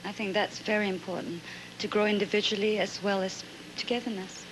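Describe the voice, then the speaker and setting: A woman from Singapore, a pageant contestant giving relaxed, easygoing answers in a live stage interview. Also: mid-range voice, fairly quick. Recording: noisy live stage recording.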